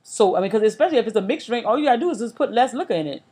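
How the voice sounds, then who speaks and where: A woman's voice: a little high, lively intonation, very fast, dark tone, husky. A woman co-hosting a casual podcast, opinionated and matter-of-fact. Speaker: podcast co-host.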